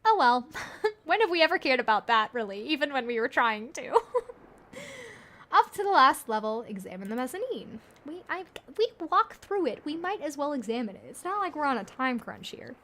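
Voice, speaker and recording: A woman's voice: high-pitched, sing-song, moderate pace, a bit bright. A woman streaming a narrative game, reading its text aloud and chatting with her viewers, laughing often. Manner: giggly, chatty, reads chat aloud.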